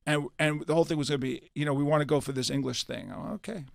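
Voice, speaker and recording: A man's voice: fairly high pitch, racing, vocal fry, dry recording, studio quality. An older man, a radio interview guest who tells stories animatedly and acts out the dialogue. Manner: animated storyteller acting out quoted dialogue. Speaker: guest musician. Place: radio studio.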